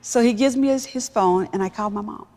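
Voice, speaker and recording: A woman executive telling a personal story in a talk-show interview, emphatic and animated. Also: medium pitch, a little fast. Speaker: guest, business executive.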